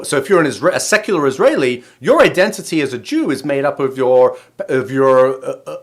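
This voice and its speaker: Rambling middle-aged rabbi, "right?". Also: male voice, mid-range voice. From England. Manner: rambling, many restarts, keeps asking "right?". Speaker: rabbi and show host. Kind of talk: casual spoken lesson.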